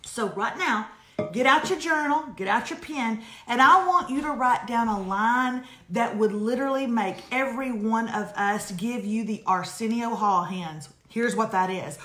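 A woman co-hosts a casual live advice chat, sassy and emphatic as she dishes out advice. Her voice sits a little high, and the room around her is echoey. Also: moderate pace. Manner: sassy, emphatic, animated storytelling. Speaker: co-host giving advice.

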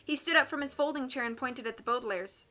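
A woman reading a children's novel aloud as an audiobook, in a steady, clear manner. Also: high voice, fast. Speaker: audiobook reader. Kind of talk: audiobook narration.

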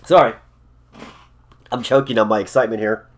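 A man vlogging casually to camera, excitable and rambling, often repeating himself and restarting sentences. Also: fairly low pitch, fairly quick. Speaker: theme park vlogger. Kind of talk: casual vlog talk to camera.

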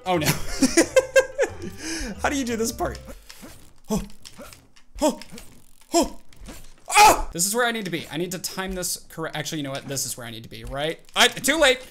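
An excitable man narrating his own gameplay live, yelping and shouting as he reacts. His voice is bright and tense, and his pitch leaps all over the place. Faint game music plays behind him. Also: racing, few pauses. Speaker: gaming channel host.

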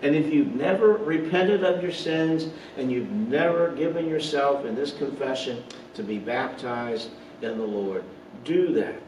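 Here the pastor's voice sits on the high side, a little mellow, unhurried and lively in intonation. He earnestly preaches an online Bible study sermon full of rhetorical questions, with occasional slips and asides. Captured from afar in a roomy space, the clip carries faint ambience and slight background noise.

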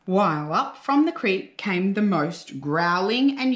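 A woman teacher reading a picture book aloud to young children, slow and expressive with a sing-song lilt. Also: medium pitch. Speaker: primary school teacher. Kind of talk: children's storybook read-aloud. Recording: roomy echo.

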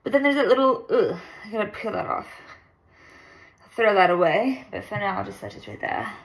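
A woman's voice: medium pitch, expressive, a little fast. A young woman chatting casually to the camera for her vlog, bubbly and rambling. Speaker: vlogger.

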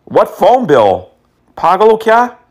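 A man's voice: sits high, huge pitch swings, slow pace. A man prank-calling phone scammers, teasing and mocking them and dropping in Hindi words and insults. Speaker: scam-baiting prank caller.

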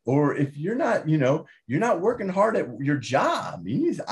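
A man talking as an interview guest and author, emphatic and animated, often tagging his points with "right?". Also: a little high, moderate pace, hardly any pauses. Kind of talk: casual interview talk.

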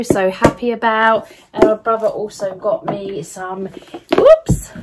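A woman's voice: mid-range voice, background noise. A young woman chatting casually and gushing over her gifts in a haul video. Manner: gushing, enthusiastic, chatty with fillers. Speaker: vlogger. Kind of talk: casual gift haul chat.

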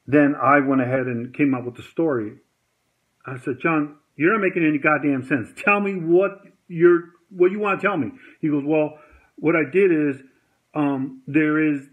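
A man telling a heated story to camera in a rambling, agitated way, acting out the dialogue he quotes. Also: mid-range voice. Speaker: vlogger. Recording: tinny phone-like sound.

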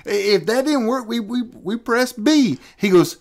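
A man's voice: very high-pitched, lively intonation, measured pace. A middle-aged man hosting a podcast, talking animatedly and acting out conversations in a casual rant. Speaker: podcast host. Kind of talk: casual ranting chat.

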